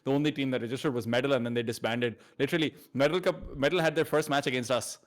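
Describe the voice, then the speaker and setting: A man's voice: mid-range voice, steady tone, fast talker. A man from Pakistan with a Pakistani accent, a guest chatting on a podcast, rambling through fillers and restarts. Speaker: esports commentator guest. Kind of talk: casual podcast chat.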